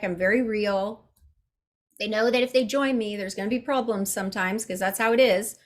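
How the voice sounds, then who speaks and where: A woman business coach talking candidly and bluntly in a casual group coaching call over a video call. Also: a little high. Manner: candid, chatty, blunt with mild swearing.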